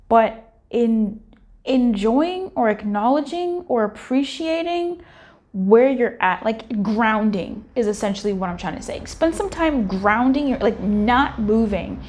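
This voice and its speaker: A woman's voice: fairly high pitch, a little mellow. Candid swearing woman reading tarot. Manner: candid, swears, laughs, addresses viewers directly. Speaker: tarot reader.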